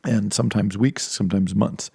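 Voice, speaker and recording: A man's voice: lowish voice, fairly even intonation, normal speed, creaky, dark tone, slightly rough, no room sound, clean studio sound. A middle-aged man giving an informal lecture, rambling with many restarts and playfully acting out imagined speakers.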